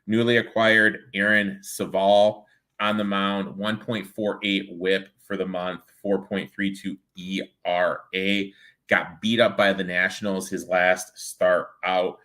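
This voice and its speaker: A man from the United States hosts a casual sports betting show. His low voice has a bright, forward edge. He chats loosely and reels off baseball numbers. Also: flat delivery, unhurried. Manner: loose, chatty, rattles off stats.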